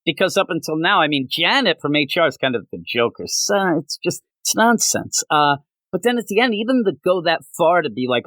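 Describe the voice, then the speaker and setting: A man co-hosting a casual comic book review chat, animated and quick to act out characters in little bits. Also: on the high side, no echo.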